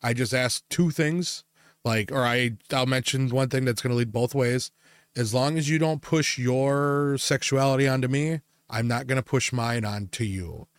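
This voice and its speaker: A man's voice: medium pitch, moderate pace, no room sound, studio quality. Rambling, cursing man in casual chat. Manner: rambling, swears freely, lots of fillers. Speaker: podcast co-host.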